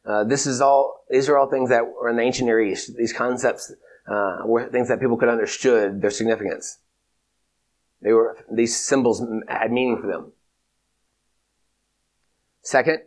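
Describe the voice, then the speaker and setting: A man giving a theology lecture in a measured, emphatic way, repeating his key points. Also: mid-range voice, fairly even intonation. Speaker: teacher.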